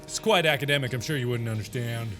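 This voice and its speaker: A man's voice: mid-range voice, fast talker, sharp tone, faint music behind, pitched below the performer's own voice, lightly acted. A man voicing a haughty, dismissive male scholar. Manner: haughty, clipped.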